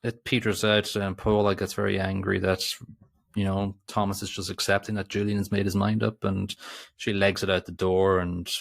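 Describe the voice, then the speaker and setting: A man with a deep, gravelly voice talks through a film in a loose, rambling way. The sound is dry and close, with no room around it. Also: flat delivery, normal speed, no echo. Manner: rambling, many restarts and asides. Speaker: podcast co-host. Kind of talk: casual film review chat.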